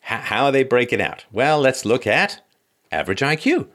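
A man's voice: medium pitch, sing-song, moderate pace, fairly bright tone. A male political commentator reading out statistics with sarcastic asides and short laughs.

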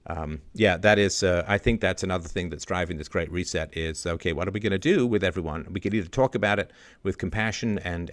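A man hosting an online roundtable, talking in an animated, emphatic way in casual discussion. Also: sits low. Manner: animated, emphatic, mimics other voices. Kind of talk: casual panel discussion, ranting.

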